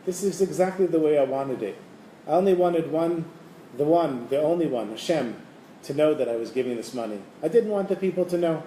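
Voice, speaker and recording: A man voicing a gruff male miser who is secretly a hidden saint, shouting threats at beggars. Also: fairly high pitch, lively intonation, fairly quick, roomy sound, a little hiss or hum, lightly acted, low-quality recording. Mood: gentle.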